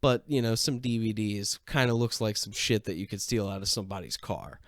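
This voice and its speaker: A man's voice: fairly low pitch, brisk, no echo, studio quality. A young man casually telling a personal story, swearing freely and mocking himself as he rambles along. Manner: profane, self-mocking, rambling.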